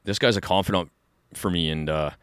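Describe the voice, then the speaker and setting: A man co-hosts a podcast in a studio, chatting casually with a rambling, enthusiastic manner. His voice is low, and his words come out quickly. The sound is dry, with no room echo. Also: fairly even intonation, clear, resonant tone. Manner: rambling, enthusiastic, full of fillers and restarts. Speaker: podcast co-host. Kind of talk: casual chat.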